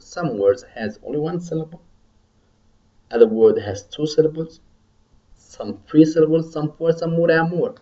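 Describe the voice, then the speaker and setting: A man teaching medical English in a recorded lecture, modelling numbers slowly for students to repeat after him. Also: a little high, mellow, dull audio.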